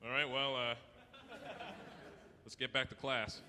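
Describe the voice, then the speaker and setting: Performing stand-up at a live venue, a Canadian man is brash and profane, impersonating voices along the way. He speaks at medium pitch and a moderate pace, pausing often, in an echoey hall where faint noise can be heard.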